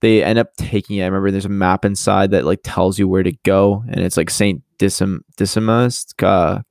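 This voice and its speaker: A man's voice: low voice, steady tone, brisk, creaky, darkish tone, dry recording, clean studio sound. A young man in casual chat, rambling with many fillers and acting out characters' lines.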